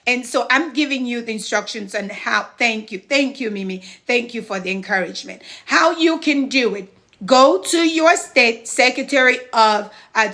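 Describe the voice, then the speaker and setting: Bright, upbeat woman mentoring live. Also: on the high side. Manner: encouraging, chatty, thanks viewers between steps. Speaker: home care business mentor. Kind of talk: live-stream advice chat.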